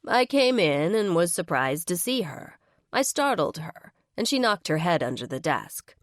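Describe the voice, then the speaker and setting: A woman's voice: lowish voice, big pitch swings, a little slow, dry recording, clean studio sound. A woman voicing a friendly, apologetic young man in a romance audiobook.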